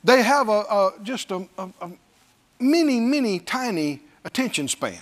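High-voiced, animated man preaching. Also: normal speed. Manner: animated, laughs often, acts out quoted voices. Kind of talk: sermon.

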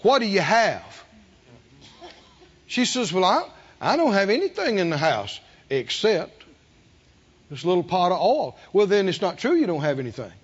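A man preaching a sermon, animated, acting out the people he quotes and asking the congregation questions. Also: high voice, moderate pace, breathy edge. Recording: dull lo-fi sermon recording.

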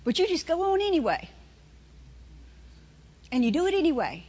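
A woman preaching a sermon, telling stories and acting out voices with lively delivery. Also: extremely high pitch, normal speed, dull audio. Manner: storytelling, animated, acts out inner voices.

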